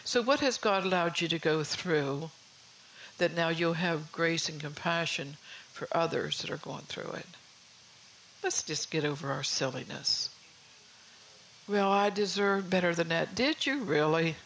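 A woman's voice: sits low, lively intonation, a little slow, fairly bright tone, slight background noise, rough recording. An older woman giving an informal sermon in a homey, confiding way, often saying "you know". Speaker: preacher.

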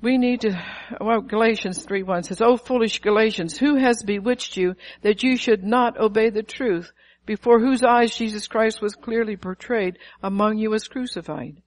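A woman's voice: fairly high pitch, normal speed. A middle-aged woman preaching a sermon, emphatic and calling out to her listeners. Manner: emphatic, calls to the audience.

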